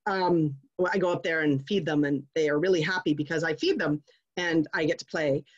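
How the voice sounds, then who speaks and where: A woman's voice: low voice, fairly even intonation, brisk, muffled recording. A woman giving a casual online class, talking in a chatty, digressive way that slips into rants. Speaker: class presenter. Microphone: video call.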